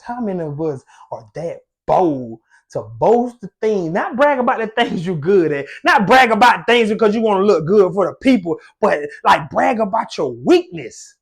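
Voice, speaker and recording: Young man, high voice, impassioned devotional talk, slangy and preacher-like. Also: very animated, normal speed, few pauses, breathy edge. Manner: fervent, preacher-like, casual slang. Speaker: faith content creator.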